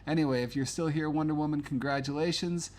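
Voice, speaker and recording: A man's voice: a little high, steady tone, fast talker, a little mellow, slight background noise. Chatty male livestream host. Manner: chatty, rambling, many fillers. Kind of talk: casual live-stream chat.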